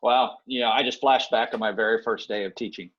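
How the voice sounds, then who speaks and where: On a podcast, a university director of bands appears as a guest and gives earnest, emphatic advice in a conversational way, often checking in with "okay?" and "right?". His mid-range voice is fairly bright and fairly even in intonation, moving a little fast over lo-fi sound.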